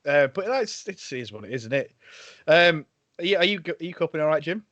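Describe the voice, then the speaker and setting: A man's voice: on the high side, expressive, brisk, a bit bright, no echo. Guy hosting a podcast over a video call, laughs a lot, restarts his sentences, dry sound. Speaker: podcast host. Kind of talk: casual chat. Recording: dry, slightly dull audio.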